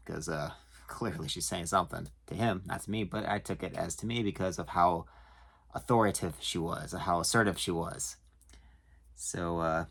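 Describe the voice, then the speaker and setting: A man who works at a storage facility tells work stories casually to camera, chuckling and pausing on lots of fillers. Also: sits low, vocal fry, a bit bright. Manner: chuckling, hesitant with many fillers.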